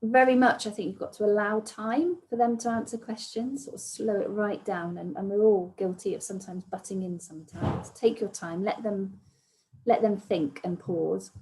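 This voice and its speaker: With a medium-pitched voice on poor audio, a woman leads an online training session. She explains patiently, often softening her points with "sort of" and "kind of."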